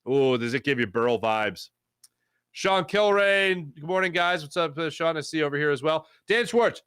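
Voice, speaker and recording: A man hosting a live sports talk show, reading viewer chat in a jokey, animated way and greeting chatters with loud excitement. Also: fairly high pitch, normal speed, clear, resonant tone, dry recording, clean studio sound.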